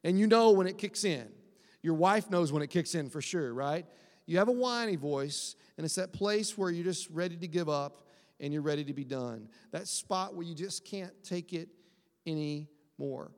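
A man's voice: on the high side, lively intonation, moderate pace. A man preaching a conversational sermon, acting out quotes in a whiny voice. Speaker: pastor. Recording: long hall reverb.

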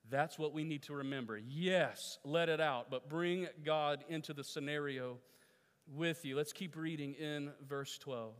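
A man's voice: on the high side, a bit bright. A male pastor preaching a sermon to his congregation, putting questions to the listeners and repeating his phrases. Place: church sanctuary. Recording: long reverb of a church hall.

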